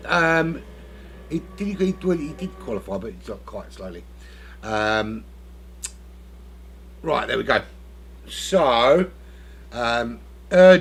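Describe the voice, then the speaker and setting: A man's voice: mid-range voice, fairly bright tone. A man giving casual live commentary on a sim race, rambling and joking as he hosts the lobby. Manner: rambling, jokey, self-interrupting.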